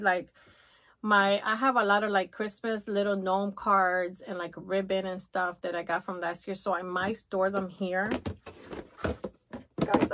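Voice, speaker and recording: A woman chatting excitedly and gushing as she shows off a shopping haul in a casual vlog. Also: medium pitch, slight background noise. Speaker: haul vlogger.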